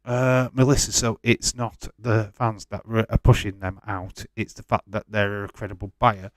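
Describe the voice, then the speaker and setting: Lowish-voiced man hosting live chat. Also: level tone, moderate pace, no room sound. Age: 40s. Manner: defensive, talks straight to chatters by name. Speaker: livestream host. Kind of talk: casual watch-along chat, answering live chat.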